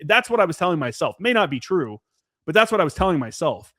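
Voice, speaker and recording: A man's voice: on the high side, sing-song, quick pace, bright, forceful tone, no room sound. Candid, profane man with a dry voice. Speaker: podcast guest, former Marine forward observer. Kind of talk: casual podcast chat.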